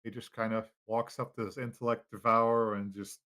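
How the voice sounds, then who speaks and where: A man's voice: fairly low pitch, level tone, brisk, sharp tone. A man running a tabletop game as game master over a video call, in an easygoing style with lots of fillers.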